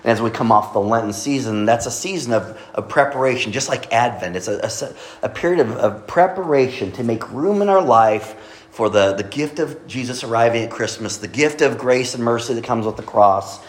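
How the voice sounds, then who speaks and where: A male pastor giving a conversational sermon, asking his congregation questions and pausing over his words. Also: mid-range voice, echoey room, poor audio. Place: church sanctuary.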